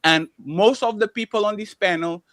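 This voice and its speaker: A man hosting a heated podcast panel, firmly moderating and swinging between loud and soft. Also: sits high, moderate pace, no echo.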